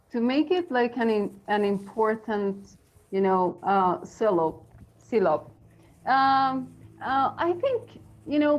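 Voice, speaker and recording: Slow, high-voiced woman teaching pronunciation. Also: a little mellow, lo-fi sound. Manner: hesitant, many fillers and restarts. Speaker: English teacher co-hosting a live stream. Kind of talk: live online pronunciation lesson.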